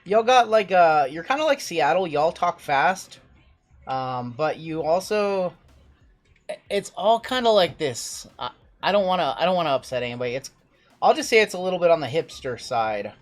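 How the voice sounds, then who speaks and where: A man's voice: on the high side, expressive, moderate pace. A man hosting a live card-break stream in a casual, chatty way. He rattles off long lists of names and teams and answers chat as he goes.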